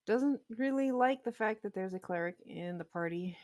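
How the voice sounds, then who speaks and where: A woman running a tabletop game as game master, amused and quick to laugh at the dice. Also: medium pitch, expressive, darkish tone, no room sound, clean studio sound.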